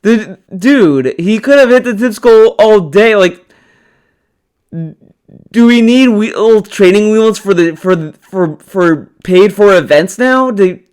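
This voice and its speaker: A man's voice: high-pitched, expressive, slow, darkish tone, smooth. A man giving casual, mocking commentary on a stream clip, rambling and trailing off. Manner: rambling, mocking, restarts and laughs. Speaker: commentary youtuber.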